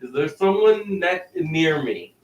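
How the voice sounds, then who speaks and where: Tabletop player, slow speech, recorded off-mic in a roomy space. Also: mid-range voice, expressive, a little mellow, recorded from a distance, highs cut off, a little hiss or hum. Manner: slow, laughs along. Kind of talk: casual tabletop play. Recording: roomy sound, away from mic.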